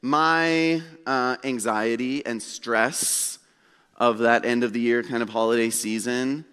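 A man's voice: mid-range voice, fairly bright tone, clean tone. A male pastor delivers a casual, story-driven sermon with self-deprecating humor. His mid-range voice rings with a long reverb that fills the church sanctuary.

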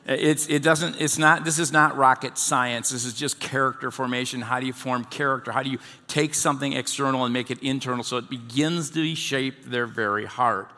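A man's voice: mid-range voice, fairly even intonation, normal speed, hardly any pauses, pushed and bright. A middle-aged man as pastor giving a conversational sermon and putting questions to his congregation. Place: church hall. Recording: long hall reverb.

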